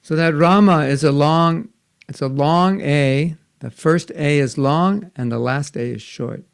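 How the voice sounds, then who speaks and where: Older guy, gravelly voice, a bit higher pitched, patiently teaching kids over a video call. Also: a little slow. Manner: gentle, patient, asks kids questions. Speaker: spiritual teacher. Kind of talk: online class for children.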